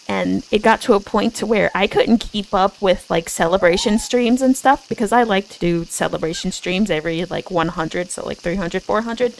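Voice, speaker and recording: A young woman streaming as a VTuber, chatting casually and self-deprecatingly, giggling often and bursting into excited quoted asides. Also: mid-range voice, normal speed, creaky, poor audio. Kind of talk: casual chat.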